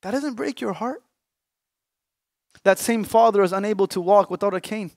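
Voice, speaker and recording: A young man, an Islamic scholar, preaching an emotional sermon, emphatic with hushed pauses. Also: high voice, vocal fry, no echo, studio quality. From Canada. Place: mosque or lecture hall.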